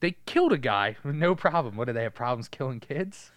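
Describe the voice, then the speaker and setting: A man's voice: medium pitch, brisk, no echo. A man co-hosting a casual movie recap podcast, swearing freely and acting out scenes in silly voices. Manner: profane, animated, acts out scenes in silly voices. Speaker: podcast co-host.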